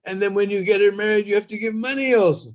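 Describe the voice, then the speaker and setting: A man's voice: sits high, quick pace. A man preaching a storytelling sermon, talking conversationally and prompting listeners with "hmm?" and "huh?".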